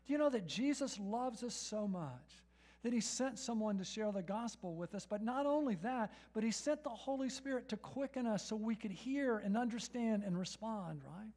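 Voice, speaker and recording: A man's voice: high voice, animated, normal speed, a little mellow. A man pastor preaching a sermon in church, asking the congregation rhetorical questions and often adding "right?". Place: church sanctuary.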